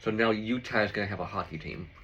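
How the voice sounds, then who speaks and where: A man vlogging to his viewers in a low, bright, forceful voice. He rambles and shares opinions loosely, piling up fillers as he eats. A faint background noise sits under his voice. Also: quick pace, lo-fi sound. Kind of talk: casual chat to viewers.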